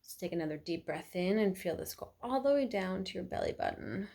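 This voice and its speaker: Gentle lady guiding a meditation, lowish voice, slow calm instructions. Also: creaky. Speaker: meditation guide. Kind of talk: guided meditation. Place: indoors at home by an electric fireplace.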